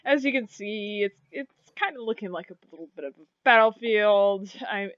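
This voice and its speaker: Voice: medium pitch, expressive, normal speed, fairly bright tone, dry recording, muffled recording. A game master narrating a tabletop game over voice chat, hesitant and full of fillers and restarts. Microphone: online voice chat.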